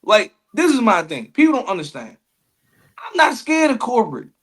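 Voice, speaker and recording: A man co-hosting a casual comedy podcast, telling animated stories, acting out quotes and swearing freely. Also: high voice, normal speed. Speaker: podcast co-host.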